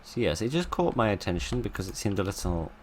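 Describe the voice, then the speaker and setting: A man's voice: fairly low pitch, sing-song, fast, a little hiss or hum. A man giving casual, wry commentary while playing a game, full of sarcastic asides. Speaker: let's play host.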